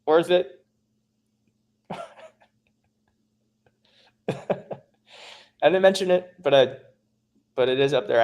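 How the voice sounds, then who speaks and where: A chatty man hosts a casual livestream from his home, reading out viewer comments and answering them. His voice sits a little high for a man, and he laughs often and talks with lively energy. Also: slow pace, pauses often. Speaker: livestream host.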